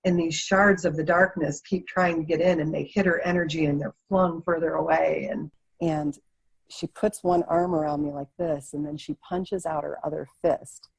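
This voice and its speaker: Low, gravelly-voiced woman telling her story. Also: normal speed, rough recording. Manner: vivid, expressive, animated retelling with many restarts. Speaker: interview guest. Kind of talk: emotional personal storytelling.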